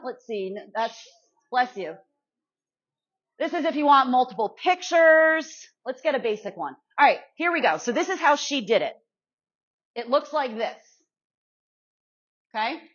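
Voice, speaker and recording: A woman's voice: a little high, fairly bright tone. A woman giving a live workshop demonstration to an audience in a meeting room, chatty and self-deprecating, checking in with her listeners over and over. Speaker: guest speaker teaching social media to real estate pros. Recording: muffled lo-fi sound.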